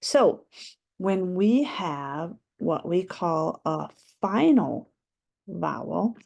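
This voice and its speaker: A woman's voice: on the low side, animated, drawn-out words, gravelly, darkish tone, slightly rough. A woman teaching a phonics lesson to young children, patiently stretching out letter sounds and syllables.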